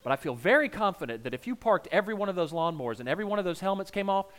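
A man's voice: sits high, big pitch swings, rapid-fire. A man with a Southern American accent preaching a sermon in a folksy, humorous storytelling way, joking with the congregation.

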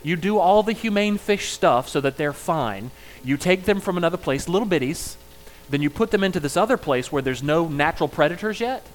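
A man's voice: a little high, lively intonation, a little fast, a little hiss or hum, rough recording. Joking, conversational pastor, a man. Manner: conversational and joking, telling personal stories to a congregation. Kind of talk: sermon.

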